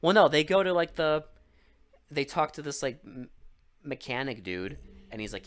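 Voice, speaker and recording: A man's voice: a little high, very animated, moderate pace, long pauses. A man co-hosting a podcast, recapping a movie in casual, sarcastic chat, swearing freely and acting out the characters. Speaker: podcast co-host.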